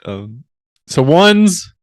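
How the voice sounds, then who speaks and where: A man's voice: on the high side, very animated, extremely slow, dry recording. A man co-hosting a film podcast, laid-back and chatty, with dry remarks and casual swearing. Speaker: podcast co-host. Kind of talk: casual chat.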